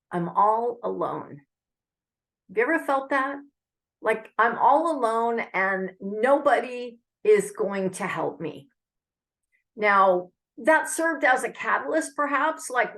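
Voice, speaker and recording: A woman's voice: on the high side, animated, takes it slowly, a bit bright. A woman giving an earnest, heartfelt devotional message with prayer, speaking conversationally to her viewers. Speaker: Christian speaker.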